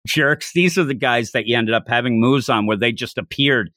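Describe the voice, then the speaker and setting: A man's voice: medium pitch, moderate pace, sharp tone, no room sound, studio quality. A man co-hosting a casual podcast about a manga, talking animatedly and acting out characters' lines in shifting voices. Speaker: podcast co-host.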